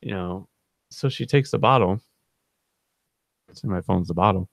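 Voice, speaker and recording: A man's voice: deep voice, normal speed, creaky, no echo, studio quality. A man co-hosting a vlog, telling a long story in a laid-back, rambling way with lots of fillers. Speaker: channel co-host.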